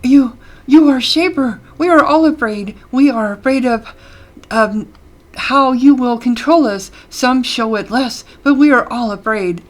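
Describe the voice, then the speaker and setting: A woman's voice: mid-range voice, animated, fast talker, few pauses, darkish tone, lightly acted. A woman voicing a timid, nervous female serval creature in a game, speaking in a quivering voice.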